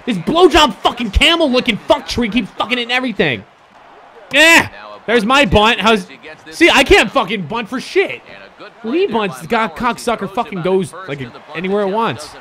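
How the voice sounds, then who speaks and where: A man streaming a video game and raging at it, shouting furious profane outbursts. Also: very high voice, lively intonation, moderate pace. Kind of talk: raging gameplay commentary.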